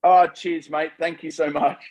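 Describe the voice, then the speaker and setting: A man in his thirties chats casually as a guest. He tells animated stories, laughs often, and keeps calling people mate. His voice sits a little high. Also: unhurried, very noisy. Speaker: film director guest. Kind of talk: casual interview chat.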